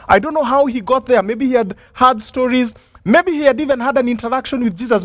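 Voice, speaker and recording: High-voiced man preaching earnestly. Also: no echo. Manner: earnest, reflective preaching with rhetorical questions; hesitant restarts and fillers. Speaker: pastor. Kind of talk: sermon.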